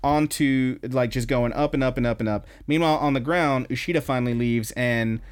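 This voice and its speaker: A young man recaps an anime episode on his podcast, rambling casually and acting out quotes in an animated retelling. His medium-pitched voice is clean in tone, and his pace is a little fast.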